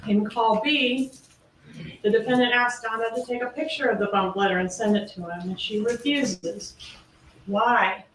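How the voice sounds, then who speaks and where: A higher-pitched woman prosecutor argues her case with pointed, sarcastic emphasis. She is heard from a distance in a reverberant courtroom. A faint hiss sits under the audio. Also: moderate pace, a bit bright. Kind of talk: courtroom closing argument.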